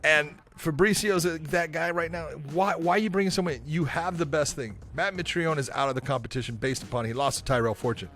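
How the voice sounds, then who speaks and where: Man, podcast co-host, high voice, blunt emphatic opinions, faint music behind. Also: fairly quick, hardly any pauses, fairly bright tone. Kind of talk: casual sports chat.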